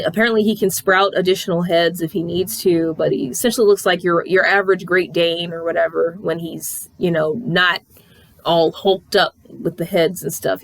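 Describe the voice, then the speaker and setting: A woman reviewing a comic in casual chat, animated and swearing freely as she recaps the story. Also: lowish voice.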